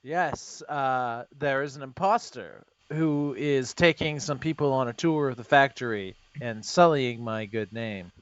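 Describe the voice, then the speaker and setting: A man's voice: medium pitch, unhurried, few pauses, no echo, voice pushed down, close to an everyday voice. A man playing a pompous, stingy male factory boss in a tabletop game, bossy and self-important. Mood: indignant. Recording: dry, dull lo-fi sound.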